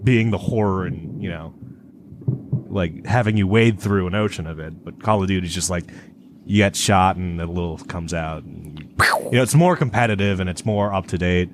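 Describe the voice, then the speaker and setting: A man's voice: low-pitched, moderate pace, noisy background. A man co-hosting a podcast, chatting casually in a rambling way, with lots of stumbling restarts and swearing. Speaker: podcast co-host. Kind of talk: casual chat.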